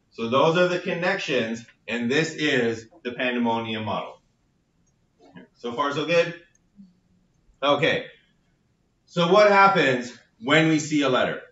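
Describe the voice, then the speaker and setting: A male university lecturer with a bright, forceful voice explains a model playfully, tying it to group chats and phones. He is recorded in a reverberant classroom from a distance, and the sound is dull and lo-fi. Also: medium pitch. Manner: playful, explains with everyday comparisons. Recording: echoey lecture hall, distant dull mic.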